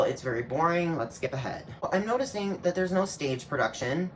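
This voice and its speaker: A man's voice: fairly high pitch, a little fast, few pauses, a bit bright, slight background noise. A man hosting a reaction video, giving sassy, snarky commentary full of slang and asides. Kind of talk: casual sarcastic commentary.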